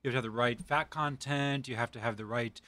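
A baker with a Midwestern American accent talks up his pastries quickly and proudly, like a salesman. His voice sits at an ordinary middle pitch. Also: steady tone, bright, forceful tone, dry recording. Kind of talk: casual product talk.

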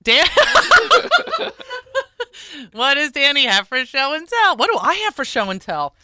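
A woman hosting a live radio talk show, chatting and joking playfully with quick asides and frequent laughter. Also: high voice, big pitch swings, sharp tone, no echo.

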